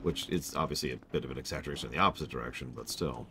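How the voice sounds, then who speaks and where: Deep-voiced man streaming a game review. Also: rapid-fire, over music. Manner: rambling, joking, self-deprecating asides; talks to chat while playing. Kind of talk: live-stream commentary.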